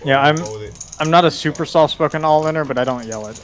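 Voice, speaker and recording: A man's voice: on the high side, fast talker. A man doing live poker commentary, chatty and joking as he calls the hands.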